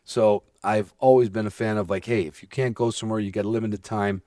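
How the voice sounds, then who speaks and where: The voice is a man's, on the low side, steady and dark in tone, moving fairly quickly; he's an Illinois podcast host chatting casually indoors at a hunting preserve. Joking and rambling, he talks over himself and restarts his sentences often. The studio-quality recording has no room sound.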